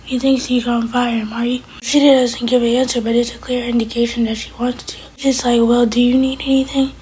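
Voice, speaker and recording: Fast-talking woman recapping a TV episode. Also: fairly high pitch, flat delivery, dark tone, slight background noise, rough recording. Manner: rapid retelling, quoting characters with "she's like". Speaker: TV recap vlogger.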